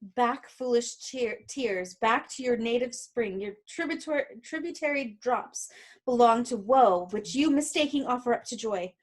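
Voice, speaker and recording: A woman reading the part of a grieving young bride from a play aloud, slowly and earnestly. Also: fairly high pitch, expressive. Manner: slow, deliberate, earnest line reading. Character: young female lover, grieving and distraught.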